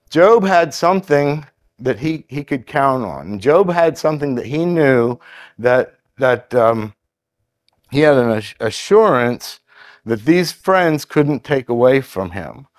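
A man giving a sermon in an easy, conversational way, often pausing and restarting his sentences. When he reads scripture aloud, his cadence turns steadier. The sound is dry, with no room echo. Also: medium pitch. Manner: conversational, hesitant with fillers and restarts. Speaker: preacher.

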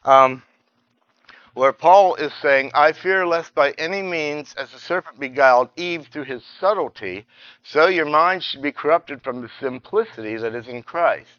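A man teaching a Bible study lesson, halting and restarting often and reading scripture passages aloud. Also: a little high, fairly bright tone, no room sound, highs cut off.

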